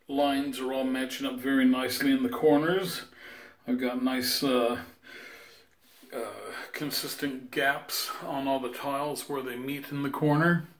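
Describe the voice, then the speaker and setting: Slow, unhurried man explaining tile work. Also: medium pitch. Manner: plain step-by-step explaining, frequent "uh" and "um". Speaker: tile installer. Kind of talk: casual how-to walkthrough. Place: bathroom under renovation, indoors.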